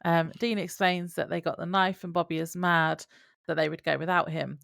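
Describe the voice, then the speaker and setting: A woman's voice: on the low side, fairly even intonation, moderate pace, vocal fry, a bit bright, dry recording, studio quality. A woman co-hosting a podcast who laughs often and reads from her notes in casual chat. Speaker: podcast co-host.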